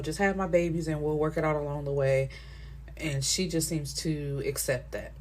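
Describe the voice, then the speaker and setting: A woman with a low voice retells a novel's plot in a loose, chatty way. She leans on fillers and slips in quoted lines from the characters as she goes. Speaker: book reviewer. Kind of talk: casual book recap.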